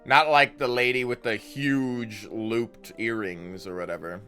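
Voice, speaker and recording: Rambling, bright-voiced male streamer. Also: mid-range voice, steady tone, measured pace. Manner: rambling, swears casually. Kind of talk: casual gameplay commentary. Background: faint game music.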